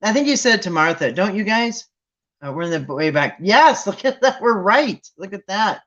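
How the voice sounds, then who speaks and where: A man hosting a Bible trivia game with viewers, chatting casually and thinking aloud with restarts and sudden excited jumps. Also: high-pitched, normal speed. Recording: dull lo-fi sound.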